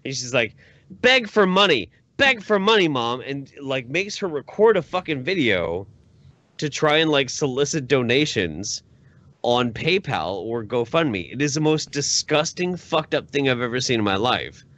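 A man with a bright, sharp voice rants excitably, swearing and stumbling over repeated words. His pitch swings widely between high exclamations and low mutters. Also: normal speed, no room sound. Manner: profane, excitable, repeats himself. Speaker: guest. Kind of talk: casual podcast banter.

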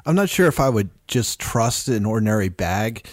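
A man on a podcast, speaking with slow deadpan humor. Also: on the low side, no room sound, studio quality. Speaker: podcast guest.

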